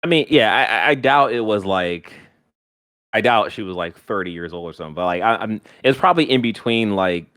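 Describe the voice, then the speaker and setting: A man with a low voice, recorded dry and close, chats casually about a film. He hesitates, repeats himself and uses plenty of fillers, laughing easily along the way. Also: lively intonation, a little fast, a bit bright, smooth, no room sound. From United States. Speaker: podcast co-host. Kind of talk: casual review chat.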